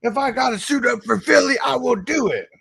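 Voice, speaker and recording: A man's voice: very high-pitched, brisk, vocal fry, fairly bright tone, slightly rough. A man hosting a casual livestream, talking in a laid-back, slangy way to his chat and coughing now and then. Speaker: livestream host.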